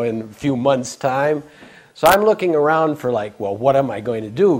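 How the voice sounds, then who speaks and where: A man's voice: mid-range voice, breathy edge. Rambling older man telling a story. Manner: rambling, self-interrupting, with laughs and stammers. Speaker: devotee recalling memories. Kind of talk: casual storytelling.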